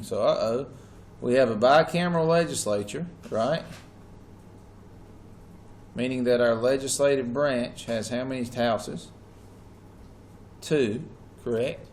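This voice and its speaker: A man lectures a classroom in an easygoing, conversational way. He keeps pausing to check whether his students are keeping up. A faint hiss sits under his voice. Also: mid-range voice, darkish tone. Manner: checks in often with students, casual Southern-style phrasing. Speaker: teacher.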